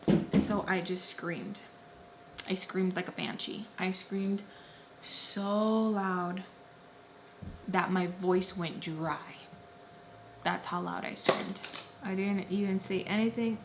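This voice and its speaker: A young woman vlogger telling a personal story, repeating phrases intensely and swinging between loud and soft. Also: medium pitch, level tone, unhurried, gravelly, a little hiss or hum. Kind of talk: emotional story-time narration.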